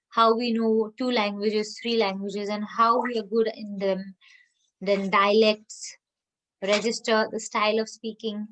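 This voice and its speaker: A woman college lecturer with an Indian English accent, giving an emphatic, opinionated classroom lecture and slowing down to stress key terms. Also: on the high side, a bit bright, rough recording.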